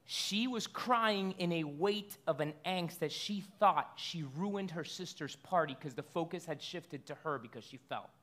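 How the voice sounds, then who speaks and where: A man delivers a sermon in a high, bright voice. He preaches conversationally, tossing out rhetorical questions and stumbling into quick restarts as he works through his point. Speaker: pastor.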